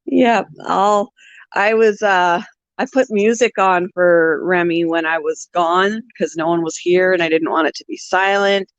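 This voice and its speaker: A woman's voice: on the low side, a little slow, clear, resonant tone, dry recording. Woman host, casual livestream chatter, laughs a lot, dry close lo-fi sound. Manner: chatty, laughing often, answering viewer comments. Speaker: pet channel host. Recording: dull lo-fi sound.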